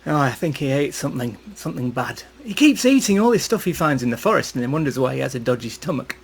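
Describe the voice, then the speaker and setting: A man doing an exasperated gruff adventurer. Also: medium pitch, sing-song, fast talker, a little hiss or hum. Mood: grumbling. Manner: exasperated grumbling, loud bursts. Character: gruff grumbling male adventurer with a dog.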